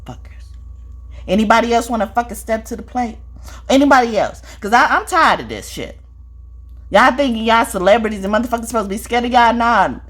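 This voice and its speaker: A woman's voice: a little high, expressive, a little fast, fairly bright tone. A woman giving a spiritual reading, talking straight at the viewer, profane and scolding, repeating her points and tagging them with "okay?". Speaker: spiritual reader. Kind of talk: confrontational spiritual vlog monologue.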